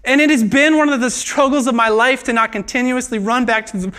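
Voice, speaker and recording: A young man giving a sermon in a church, earnest and halting, with many filler words and restarts. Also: very high voice, a bit bright, smooth. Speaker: preacher.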